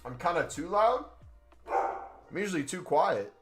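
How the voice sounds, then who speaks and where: A male streamer chatting during a live game stream on his microphone, excitable and joking. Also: high-pitched, a little slow, soft background music. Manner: excitable and joking, with whoops and laughs.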